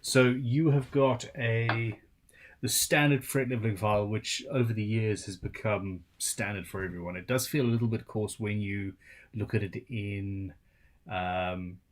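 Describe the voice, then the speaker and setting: A tired man hosts a live Q&A in a slightly low voice. He talks in a loose, rambling way and pokes fun at himself. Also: fairly even intonation, unhurried. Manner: rambling, chatty, self-deprecating. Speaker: luthier hosting a live Q&A. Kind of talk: casual live-stream Q&A.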